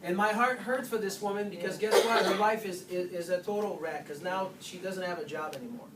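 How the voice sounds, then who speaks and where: Clinic doctor leading a workshop, animated and chatty; distant, roomy recording with faint hiss. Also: mid-range voice, fairly quick. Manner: animated, keeps asking "guess what?". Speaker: chiropractor giving a nutrition workshop. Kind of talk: informal workshop talk to patients.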